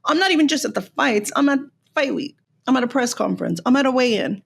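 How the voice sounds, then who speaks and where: A woman from Los Angeles hosting a podcast, ranting in an animated, sarcastic way and swearing freely. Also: high voice, fast, gravelly, breathy edge. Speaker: podcast host. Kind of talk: casual rant.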